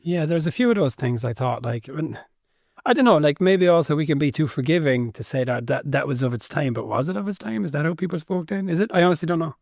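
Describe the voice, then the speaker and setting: A man's voice: a little high, animated, fast talker, vocal fry, a little mellow, no echo. A man with a somewhat raised voice talking casually on a podcast, stumbling over repeated words and hedging his points. The recording is close and dry. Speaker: podcast co-host. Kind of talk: casual book-club chat.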